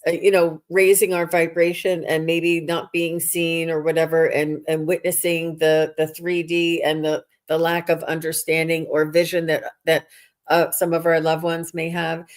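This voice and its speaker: A woman hosting a casual spiritual conversation, speaking reflectively with frequent pauses and restarts. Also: deep voice, little pitch movement. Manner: reflective, halting with many restarts. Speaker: host.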